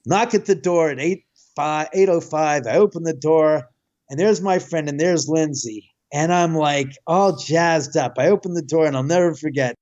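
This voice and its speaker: Animated, rambling man with a high voice. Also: moderate pace, no echo, lo-fi sound. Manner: animated, rambling, swears freely. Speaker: guest, house owner. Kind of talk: casual storytelling chat.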